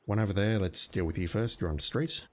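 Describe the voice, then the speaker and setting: Speaking quickly in a fairly low, fairly bright voice, an Australian man streams a game and keeps up casual commentary. He's talkative and self-deprecating, addressing his chat by name.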